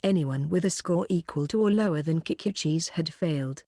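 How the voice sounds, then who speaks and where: A woman narrating an audiobook in a plain, steady manner on a close mic. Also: deep voice, moderate pace, few pauses, no room sound. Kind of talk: scripted narration.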